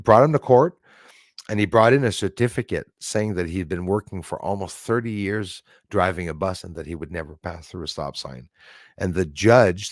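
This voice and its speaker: A deep-voiced Canadian man talks straight into a close, dry mic with no room sound. He drifts from one story to the next, circling back, restarting sentences and tossing in asides as he goes. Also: no room sound. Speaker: livestream host. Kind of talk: rambling casual monologue.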